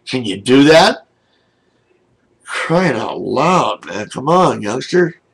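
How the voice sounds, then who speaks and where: An older man ranting angrily to his camera from home, indignant and aggrieved, with a husky voice. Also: medium pitch, very animated, slow, a bit bright, poor audio. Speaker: video blogger. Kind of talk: angry webcam rant. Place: home, seated in a wheelchair.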